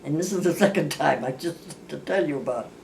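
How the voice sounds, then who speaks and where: A woman's voice: low-pitched, animated, a little fast, gravelly, darkish tone. An older woman telling family stories in casual talk. She rambles with many restarts and corrections, and she acts out the voices of the people in her stories. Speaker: family storyteller. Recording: distant mic with faint background hiss.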